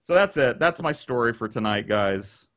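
A man telling a long story on a podcast, animated and profane, acting out the people he quotes, on a video call. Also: mid-range voice, normal speed, a loud crowd. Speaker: guest storyteller.

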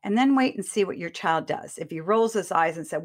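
A woman's voice: on the low side, expressive, fairly quick, hardly any pauses. A woman giving earnest, direct advice to parents, talking straight to the listener in a coaching manner.

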